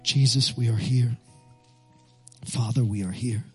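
A man's voice: mid-range voice, fairly even intonation, a little slow, faint music behind. A male pastor preaching with passion, leading the congregation in call-and-response and then praying. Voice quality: husky. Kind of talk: sermon and prayer. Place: church sanctuary.

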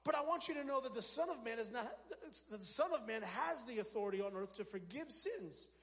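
A man preaching a lively sermon in a very high voice. He swings from shouted lines to quiet, near-hushed passages. His voice rings with the long reverb of a large church hall. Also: fairly quick, vocal fry. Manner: energetic, preaching with sudden shouts and drops to soft. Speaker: pastor. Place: church sanctuary.

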